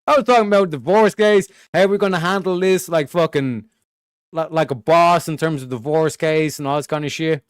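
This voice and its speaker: A man's voice: fairly high pitch, steady tone, normal speed, clear, resonant tone, no echo, studio quality. Blunt, profane man ranting dryly. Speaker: show host. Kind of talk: casual commentary rant.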